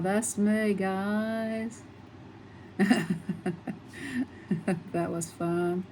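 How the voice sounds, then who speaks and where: A woman's voice: mid-range voice, a little mellow, a little hiss or hum, rough recording. A middle-aged woman chatting casually and rambling as she colors, laughing often. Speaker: coloring channel host. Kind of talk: casual chat while coloring.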